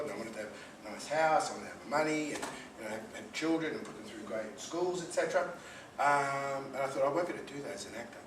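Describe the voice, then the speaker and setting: A man, giving a live inspirational talk with humorous, self-deprecating stories. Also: mid-range voice. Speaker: motivational speaker. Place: event room with live audience. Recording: echoey room, distant mic, noisy.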